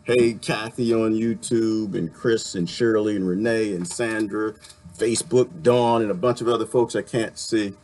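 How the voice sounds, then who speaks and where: A man hosting a casual livestream, with a somewhat low voice. He talks bluntly and repeats himself. He sounds a little annoyed. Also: fairly even intonation, moderate pace, darkish tone. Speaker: livestream host.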